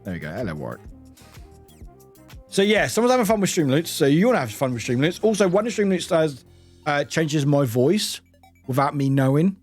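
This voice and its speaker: A man with a British accent talks through a live game stream in a high, very animated voice that leaps all over the place. He laughs often, swears freely and bursts into shrill shouts. Soft music plays quietly behind him. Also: brisk. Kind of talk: casual live-stream chat while playing.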